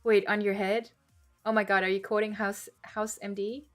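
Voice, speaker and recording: A woman's voice: mid-range voice, level tone, normal speed, faint music behind. A woman, a language-learning streamer, chatting casually on a livestream as she reads and answers viewer comments, laughing often and switching between English and German.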